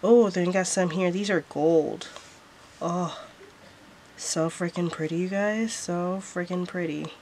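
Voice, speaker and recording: A woman's voice: lowish voice, fairly even intonation, unhurried, darkish tone, slight background noise. A woman vlogger showing off planner stickers in a casual haul, gushing and repeating how cute everything is.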